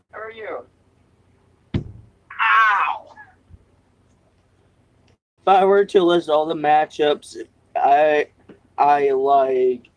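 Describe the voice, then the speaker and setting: A young adult live streamer at home, chatting playfully with goofy noises and sudden loud outbursts. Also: mid-range voice, distant mic, rough recording. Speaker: live streamer reviewing snacks. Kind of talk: silly, rambling live-stream chat. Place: indoors at home, other people upstairs.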